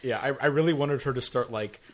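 A man's voice: medium pitch, fast talker, a bit bright. A man co-hosting a casual podcast chat, enthusiastic and jokey, sometimes stammering as he starts a thought. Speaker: podcast co-host.

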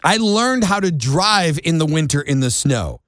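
A fairly high-voiced man from New England, hosting a talk show in an exasperated rant. His pitch swings widely as he mocks and scolds, and the sound is close and dry. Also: big pitch swings, unhurried, fairly bright tone, no echo. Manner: exasperated ranting, mocking quoted voices. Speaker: radio show host. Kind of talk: opinionated monologue. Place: Florida.

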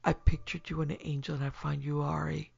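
A man voicing a distraught, heartbroken young man in a story reading, gasping and often dropping to a whisper, with a gravelly tone. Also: on the high side, fairly even intonation, normal speed, fairly bright tone, muffled recording.

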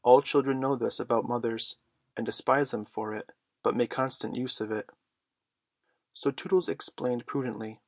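A man reading a children's story aloud in an even, measured way. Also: medium pitch, no echo, studio quality. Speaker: audiobook reader. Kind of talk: storybook narration.

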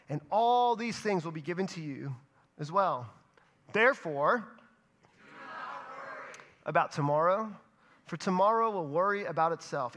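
Male pastor, sermon delivery: expressive, loud-to-soft swings, deliberate pauses. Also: high-pitched. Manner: expressive preaching, swings between loud emphasis and hushed delivery; speaks in short phrases with dramatic pauses.

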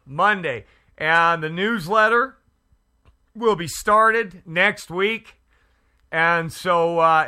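A man hosting a Christian radio talk show, speaking fervently and haltingly, with many restarts and fillers. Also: a little high, sharp tone. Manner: fervent, prays aloud. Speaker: Christian internet radio host. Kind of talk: casual faith talk show. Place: Edmonton area.

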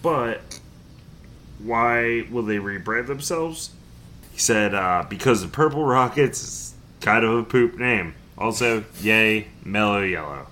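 A man in a low register hosts a laid-back podcast, reading out listener emails between little jokes. His voice is bright and forward, and a faint background hiss sits under it. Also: expressive, slow. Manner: reads emails aloud with fillers and jokes. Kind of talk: casual podcast chat.

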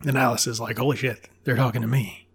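A man's voice: mid-range voice, steady tone, fast talker, gravelly, a little hiss or hum. A man hosting a podcast, retelling a classic story in a casual, irreverent way, swearing freely and tossing in asides. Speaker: podcast host.

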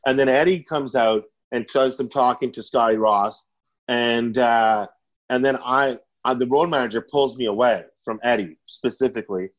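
A man's voice: medium pitch, moderate pace, muffled recording. Profane man telling stories. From Canada. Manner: profane, rambling, animated. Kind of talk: casual storytelling.

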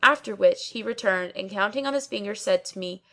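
A woman narrating an old tale in a measured, storytelling delivery. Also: mid-range voice, sharp tone. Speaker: audiobook reader. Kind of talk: scripted narration.

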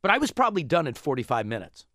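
Podcast host brief: man, rambling storyteller, lively pitch swings, dry close sound. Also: racing, dry recording. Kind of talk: casual chat.

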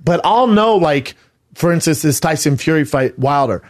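Plain-spoken man with a fairly high voice. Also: lively intonation, moderate pace. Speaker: comedian guest. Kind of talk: casual podcast chat.

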